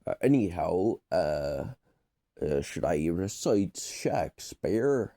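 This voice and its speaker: Slow, rambling man with a low, mellow voice. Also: very animated, dry recording. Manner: meandering and playful, full of fillers, dips into mock accents. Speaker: vlogger. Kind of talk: rambling casual monologue.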